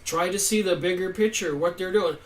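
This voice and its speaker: A man's voice: sits high, brisk. A man hosting a home live stream, emphatically reading out viewer comments and answering them in casual commentary. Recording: voice distant from the mic.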